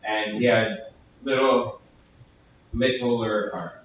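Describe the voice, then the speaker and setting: A man's voice: mid-range voice, slow, slight background noise. A man telling a comedy story in a loose, casual way, swearing freely and acting out the lines of the people in it. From Canada. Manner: animated, swears freely, acts out quotes. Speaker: comedian guest. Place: live comedy venue. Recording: echoey, distant, dull lo-fi sound.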